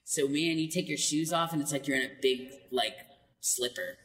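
Here the voice actor's pitch sits fairly high and his pace is normal as he trades animated, laughter-heavy stories in a relaxed interview. He's recorded far from the mic in an echoey hall with faint noise.

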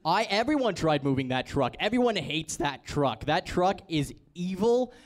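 A man's voice: fairly high pitch, sing-song, moderate pace. A man hosting a casual group chat, chatty, putting questions to his guests. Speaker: podcast host.

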